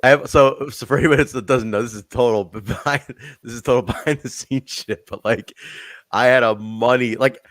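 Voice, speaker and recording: A young man hosting a podcast, telling backstage stories in an animated, laughing, profanity-filled way. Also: medium pitch, fairly quick, no room sound. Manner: animated, swearing, laughing storyteller. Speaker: podcast host. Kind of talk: casual chat.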